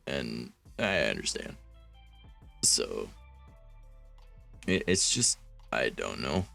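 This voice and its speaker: A man's voice: very deep voice, big pitch swings, takes it slowly, vocal fry, long pauses, bright, forceful tone, soft background music. A man streaming, reading fanfiction aloud and rambling about it with wry, self-mocking asides.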